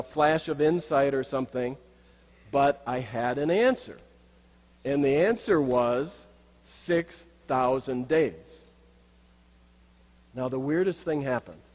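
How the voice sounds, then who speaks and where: This storytelling speech comes from a middle-aged man, an executive coach, who reflects on anecdotes at a banquet and gestures toward his slides. He has a darkish, mid-range voice, and the hall's reverb rings out long behind him.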